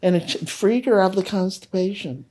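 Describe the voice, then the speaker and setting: An older woman, a holistic health practitioner, telling client stories in an earnest, measured way during a casual interview. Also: mid-range voice, darkish tone.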